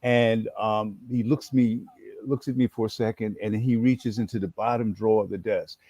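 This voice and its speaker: Warm, low-voiced older man telling a story. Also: normal speed, no echo. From New York. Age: 60s. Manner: animated storyteller who acts out his story. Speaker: guest, former activist and educator. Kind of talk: storytelling in an interview.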